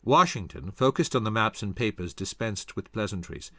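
A man reading a scripted history narration in a dramatic, expressive way into a close studio mic. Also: lowish voice, normal speed, no room sound.

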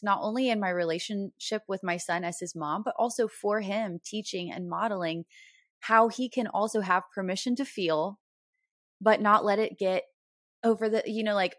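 A woman's voice: medium pitch, no echo, clean studio sound. A woman hosting a parenting podcast, a mother of a toddler, affirming her guest and laughing lightly as she talks. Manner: warm affirmations, laughs lightly between phrases. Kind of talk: conversational interview.

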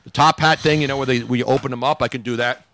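A man hosting a radio show, bantering in a loud, teasing way. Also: mid-range voice, fairly even intonation, fast talker. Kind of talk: casual on-air banter.

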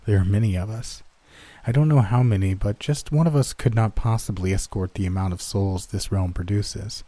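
A calm, ageless soul-taking creature speaks in a storybook horror tale, as a man reads it out. Its delivery is solemn and matter-of-fact, low and mellow rather than menacing. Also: moderate pace, dry recording, lightly acted. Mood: puzzled. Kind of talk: storybook reading.

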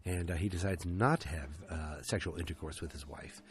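A man's voice: low-pitched, fairly quick. A man casually recapping a TV episode, ranting, swearing and drifting off on tangents.

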